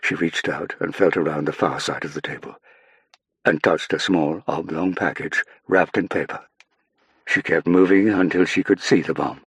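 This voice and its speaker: A man narrating an audiobook in a measured, even storytelling manner. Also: low-pitched, slightly rough, no echo. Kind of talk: scripted narration.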